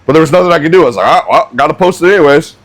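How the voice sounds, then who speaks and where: Chatty young man, a touch high. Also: very fast. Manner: animated, laughing, self-mocking. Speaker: barbecue restaurant cook. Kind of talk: casual storytelling while cooking. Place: restaurant kitchen.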